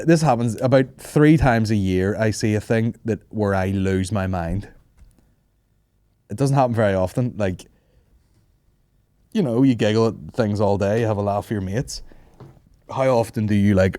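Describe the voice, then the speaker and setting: A man's voice: fairly low pitch, no echo, clean studio sound. A man hosting a podcast, telling stories casually with plenty of swearing and laughter. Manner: swearing, laughing, animated storytelling. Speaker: podcast host.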